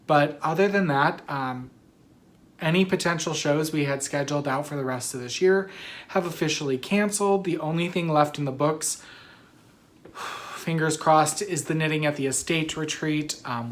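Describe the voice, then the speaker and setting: Sleepy, rambling woman knitting podcaster. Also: low-pitched. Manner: rambling, chatty, apologetic. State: sleepy, yawning. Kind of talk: casual chat.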